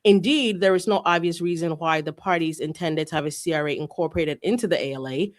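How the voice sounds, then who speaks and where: A woman's voice: low voice, quick pace. A woman co-hosting a casual chat show, reading a legal filing aloud with irreverent asides and frequent laughter. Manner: giggly, irreverent, swears freely, laughs often.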